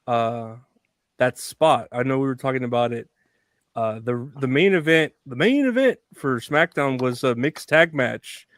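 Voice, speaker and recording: A man's voice: medium pitch, lively intonation, unhurried, a bit bright, dry recording. Rambling young man, dry close sound. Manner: rambling, lots of filler likes, laughs easily. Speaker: podcast co-host. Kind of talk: casual chat.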